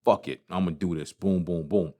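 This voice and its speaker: A man's voice: low voice, fairly even intonation, fairly quick, warm tone. A man hosting his own podcast, talking casually and passionately about failure, swearing often and repeating himself. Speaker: podcast host. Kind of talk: casual motivational monologue.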